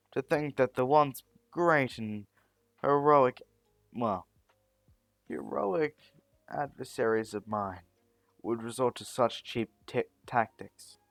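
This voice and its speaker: A man voicing an arrogant, gloating male villain in a fan story, mocking his enemies in a slow monologue. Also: mid-range voice, no echo, faint music behind.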